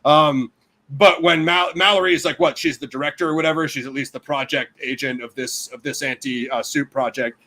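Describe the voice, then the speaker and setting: A man's voice: fairly high pitch, fairly even intonation, brisk, pushed and bright. A man hosting a casual review chat, talking animatedly with fillers and laughs. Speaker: show host reviewing a TV series.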